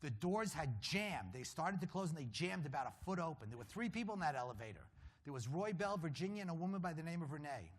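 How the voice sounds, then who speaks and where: A man addresses a conference audience, recounting a personal story with a husky, somewhat high voice. He uses dramatic pauses and lets his voice sink low at grave moments. He also slips in wry asides. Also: animated. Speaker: conference speaker.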